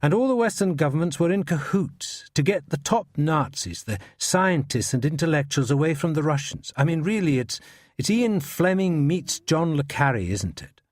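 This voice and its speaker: A man's voice: fairly high pitch, expressive, normal speed, dry recording, studio quality. An actor playing an evasive older male academic from Scotland, defensive under police questioning.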